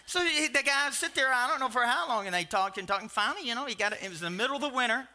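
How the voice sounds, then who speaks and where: A man in his sixties preaching a sermon, telling stories in a rambling, animated way with asides and restarts. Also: very high voice, rapid-fire. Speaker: pastor. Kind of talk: sermon storytelling.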